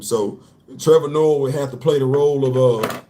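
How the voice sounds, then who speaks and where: A man's voice: medium pitch, normal speed, dark tone, slight background noise. A man hosting a casual comic-book commentary show, talking animatedly in slang, repeating his points and laughing often. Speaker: host.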